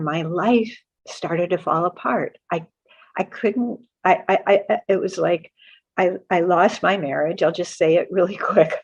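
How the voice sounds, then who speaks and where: Woman guest with a lowish voice; earnest, halting, self-correcting storyteller; dull lo-fi recording. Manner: earnest, halting with many restarts. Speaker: guest author. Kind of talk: personal spiritual storytelling. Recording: muffled lo-fi audio.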